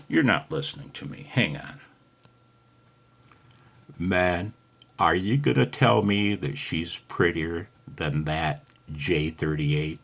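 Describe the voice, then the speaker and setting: A man's voice: deep voice, a bit bright. An older man giving a casual, chatty radio lesson, often calling the listener "man". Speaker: ham radio instructor.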